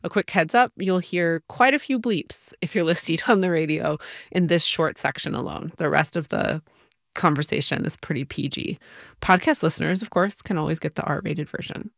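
Gravelly radio host, dry studio sound. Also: male voice, fairly high pitch, moderate pace, a bit bright, dry recording. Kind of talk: broadcast introduction.

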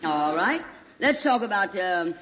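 A woman's voice: medium pitch, sing-song, a little slow, a bit bright. A woman from Alabama hosting a radio variety show, theatrical and grand, playing scripted comedy banter and calling everyone darling. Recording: hissy old radio broadcast, reverberant hall.

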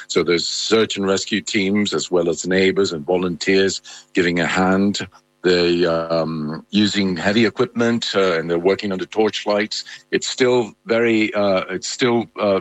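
A male correspondent answering live news questions, halting with many fillers and restarts. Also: deep voice, dry recording, rough recording.

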